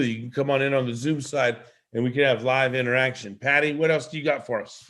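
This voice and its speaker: A man hosting a live online show as a leadership coach, teaching in an animated way with many rhetorical questions over a video call. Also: medium pitch, a little fast, hardly any pauses.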